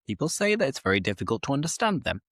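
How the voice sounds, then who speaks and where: A young man hosting a slow, clear conversation for English learners, speaking in a measured, reflective, explanatory way. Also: mid-range voice, very animated, a bit bright, no echo, studio quality. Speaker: English teacher, host.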